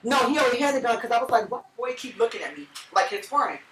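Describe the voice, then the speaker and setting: A young trans woman telling stories in a blunt, profane, animated way during a casual interview. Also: on the high side, fast talker. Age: young adult. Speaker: co-host. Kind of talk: casual storytelling. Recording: echoey room, far from mic.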